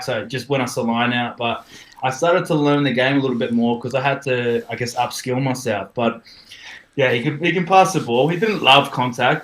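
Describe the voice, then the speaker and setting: A man, a guest chatting in a relaxed, matter-of-fact way. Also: medium pitch, echoey room, rough recording. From Australia. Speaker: guest, former rugby player. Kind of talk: casual chat.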